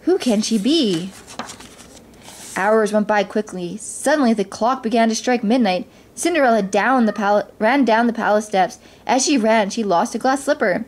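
A woman reading a children's storybook aloud in a gentle, steady way, with small slips now and then. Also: on the high side, moderate pace, few pauses, a little hiss or hum.

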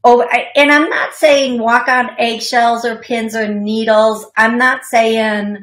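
A woman's voice: a little high, level tone, slow pace, a bit bright, reverberant. A woman psychic medium hosting a call-in radio show, chatty and reassuring, with giggly asides.

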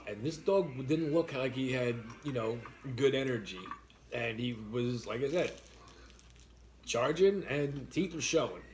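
A man hosting a relaxed livestream, talking to viewers in a medium voice. He acts out the people in his stories with lively, loud quotes. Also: medium pitch. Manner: animated storyteller, acts out quotes loudly. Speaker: livestream host. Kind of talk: casual chat reading viewer comments.

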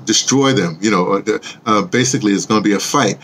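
A man's voice: fairly low pitch, fast talker, a bit bright, slight background noise. A man talking casually to viewers in a rambling monologue, restarting sentences often and teasing them with questions. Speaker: vlogger and audio drama producer.

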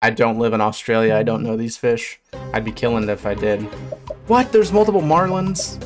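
A man's voice: mid-range voice, a little fast, soft background music. A man, a fish biologist streamer, giving casual reaction commentary, blunt and swearing, bursting into surprised questions.

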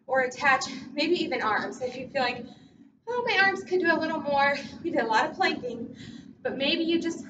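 High-voiced fitness instructor, distant and echoey. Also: female voice. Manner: upbeat encouraging cues, counting down. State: out of breath. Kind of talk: guided workout coaching. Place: large echoey gym. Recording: echoey, distant, dull, noisy.

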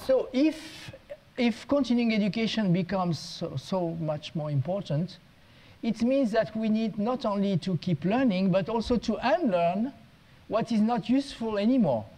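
A man with a notably high-pitched voice delivers a conference talk as an education consultant. He tells humorous anecdotes, occasionally restarting a word mid-sentence. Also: animated, normal speed, dark tone, rough recording. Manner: storytelling with humor and small restarts. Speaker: guest speaker, education consultant.

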